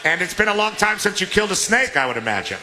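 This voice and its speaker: High, bright-voiced excitable radio host. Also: male voice, fast talker. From Southern California. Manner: excitable, joking, often laughing. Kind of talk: live radio remote broadcast. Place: restaurant, indoors public space.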